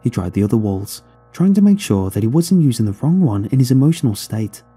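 A man reading a horror story aloud in a somber, measured storytelling manner. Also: mid-range voice, sing-song, mellow, husky, faint music behind. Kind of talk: scripted horror narration.

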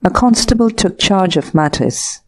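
A woman narrating an audiobook of a classic short story in a steady, measured way. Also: on the low side. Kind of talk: scripted narration.

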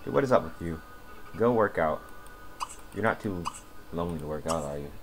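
A man with a deep voice gives animated gameplay commentary as a let's play commentator, speaking a little fast over music at a desk mic. Sarcastic and swearing, he talks directly at the game characters. It's a noisy home recording with keyboard clicks audible.

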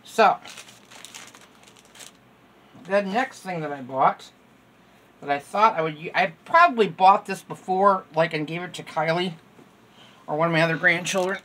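A woman's voice: lowish voice, unhurried, long pauses, fairly bright tone, slight background noise. An older woman in casual, rambling chat, showing items from a store haul at home and joking at her own expense. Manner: chatty, rambling, self-deprecating. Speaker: haul vlogger. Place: home room.

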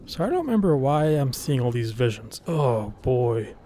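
A man narrating his own gameplay as it happens, in a casual, jumpy manner. He mutters to himself, swears freely and reacts out loud to each scare. His voice is at an ordinary middle pitch. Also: very animated, normal speed, slight background noise. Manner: nervous self-talk, frequent swearing, reacting aloud to the game. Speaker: let's play gamer. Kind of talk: casual live gameplay commentary.

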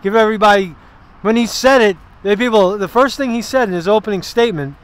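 High-pitched male vlogger, walking-and-talking political rant outdoors, loose and profane. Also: fast talker, smooth. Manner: rambling, profane, sarcastic asides. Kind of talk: casual political commentary.

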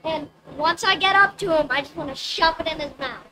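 A woman's voice: sits high, brisk, sharp tone, far from the mic, slight background noise. A woman player in a tabletop game, playfully describing what her character does. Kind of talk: tabletop role-play chat.

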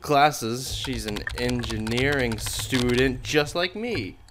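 A man's voice: medium pitch, expressive, takes it slowly, heavy background noise. A man casually commentating a chat game, making joking, self-mocking asides as he types replies. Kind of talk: casual let's-play commentary. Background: loud background music and keyboard typing.

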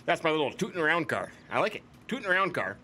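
A man's voice: on the high side, sing-song, fast, bright, forceful tone. A man hosting a farming game let's play, chatting in a goofy, rambling way and repeating words for fun. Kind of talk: casual gameplay commentary.

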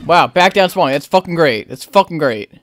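A man commentating his own gameplay, frantic, yelling, swearing at the game and talking to his viewers. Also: a little high, animated, moderate pace, a little hiss or hum. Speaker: gaming channel host.

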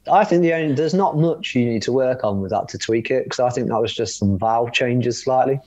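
A man's voice: mid-range voice, brisk, a little mellow. Rambling casual podcast co-host man. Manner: rambling, many restarts and laughs. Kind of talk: casual chat.

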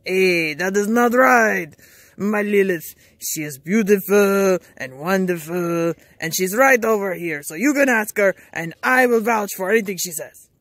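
Cheeky, bossy male toy creature in a toy-play story, voiced by a man; high, dry voice. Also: measured pace, fairly bright tone, no echo, full character voice. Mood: doting.

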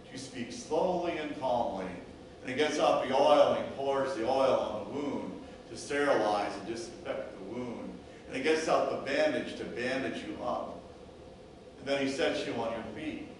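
A man's voice: medium pitch, noisy background. A male pastor preaching a sermon in a church sanctuary, building rhythmic lists of repeated words. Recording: echoey church from far off.

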